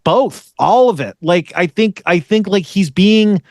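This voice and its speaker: A man's voice: high voice, normal speed, few pauses, dry recording, clean studio sound. A man hosting a podcast in casual chat, rambling and swearing as he rants. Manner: rambling, profane, ranting. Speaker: podcast host.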